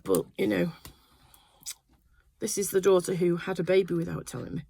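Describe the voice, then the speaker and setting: A woman's voice: fairly low pitch, level tone, normal speed, creaky, warm tone, breathy edge, no echo. An older woman chatting casually in her sewing room, telling a rambling family story full of fillers. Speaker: quilting vlogger. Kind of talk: casual chat.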